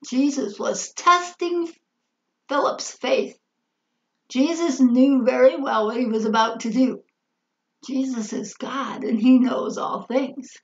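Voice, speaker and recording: A woman tells a Bible story to children in a high, slow, expressive voice, pausing to ask her listeners questions. Her voice rings around a roomy space. The recording sounds slightly dull. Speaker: Bible teacher.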